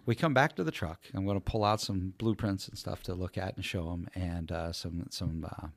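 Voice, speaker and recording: Man co-host, low gravelly voice, lively yarn-spinner, dry close sound. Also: moderate pace, dry recording. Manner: animated storyteller, acts out quoted voices. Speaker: podcast co-host. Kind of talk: casual storytelling chat.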